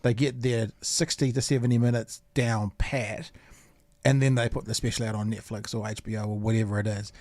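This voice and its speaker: A man's voice: fairly low pitch, steady tone, fairly quick, a little mellow, no room sound. A man hosting a casual podcast interview, asking long rambling questions. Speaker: podcast host.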